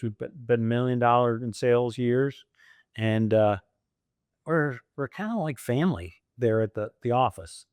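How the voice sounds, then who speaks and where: The guest, an American franchise owner in his fifties, laughs often and acts out voices while telling his career story in a casual interview. His mid-range voice has a clean tone, and the studio recording carries no room sound.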